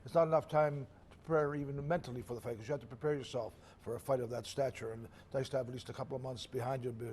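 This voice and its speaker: A man's voice: mid-range voice, fairly even intonation, racing, darkish tone, slight background noise. An older man, a retired boxer, telling old fight stories in a casual interview, rambling and correcting himself as he goes. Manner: rambling, self-correcting, chuckles at own stories.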